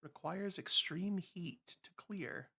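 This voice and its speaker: A bright, fairly high-voiced man talking to his audience during a gameplay livestream. He rambles casually and slides into sarcastic, exasperated grumbling, with his pitch climbing when something annoys him. It sounds like a desk mic at a home streaming setup. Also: takes it slowly, creaky, breathy edge. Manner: chatty, sarcastic, exasperated complaining about the game.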